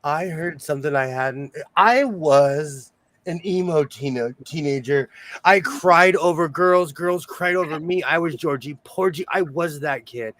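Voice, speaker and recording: A man hosting a casual sewing-circle chat, telling animated stories and laughing often. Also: a little high, unhurried, no room sound. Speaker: host of a sewing show; single father.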